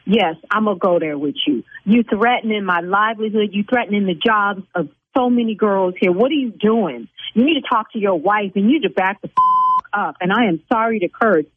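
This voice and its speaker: A woman who owns a beauty salon, arguing with a caller over the phone, indignant and blunt and quick to flare up. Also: mid-range voice, slightly rough, no room sound. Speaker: salon owner on a phone call. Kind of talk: heated phone argument. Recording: tinny phone line.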